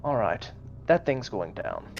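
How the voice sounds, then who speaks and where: A man playing a tabletop game who talks hesitantly, pausing often and laughing now and then. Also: fairly low pitch, wildly swooping pitch, creaky, highs cut off. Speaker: player. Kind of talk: casual tabletop chat.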